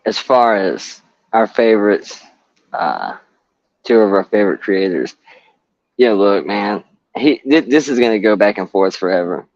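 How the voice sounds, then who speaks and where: A man's voice: fairly low pitch, expressive, unhurried, a little mellow, no room sound, muffled recording. A man hosting a casual live chat, rambling and swearing bluntly.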